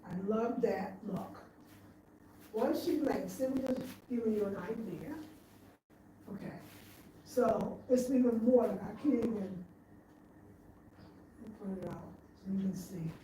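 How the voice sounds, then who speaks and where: A woman talks through her living room design in a loose, chatty vlog, thinking aloud and circling back over her ideas. Her voice is mellow and dark. The room is echoey, with a faint hum behind her. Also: mid-range voice, slow, pauses often. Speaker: home design vlogger. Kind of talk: casual home-tour vlog. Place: living room at home, indoors.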